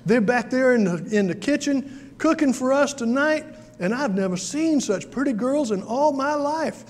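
Guy putting on a flirty southern bachelor, southern accent, boastful, high pitched. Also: animated, normal speed, big-room sound. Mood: boasting. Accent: Southern American.

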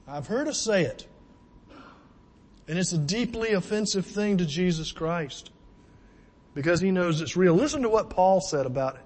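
Man, preacher, high voice, earnest pleading sermon, rhetorical questions, repeats words, long hall echo.

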